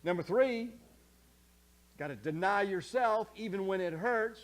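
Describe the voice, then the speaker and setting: A man preaching a sermon as pastor, conversational, often checking in with the congregation, swinging from soft asides to loud emphatic scripture quotes. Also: high-pitched, measured pace. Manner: animated, conversational preaching with frequent check-ins.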